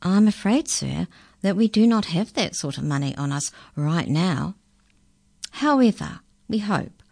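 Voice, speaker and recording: A woman voicing a smooth-talking scheming pastry cook. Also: on the low side, normal speed, lightly acted. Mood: wheedling. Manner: smooth, ingratiating.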